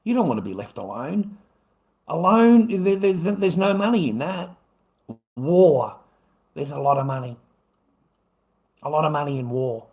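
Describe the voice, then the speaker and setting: A man's voice: a little high, sing-song, a little slow, pauses often, darkish tone. A man with an Australian accent, ranting angrily and profanely at an unseen opponent on his livestream. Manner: angry, profane, lecturing.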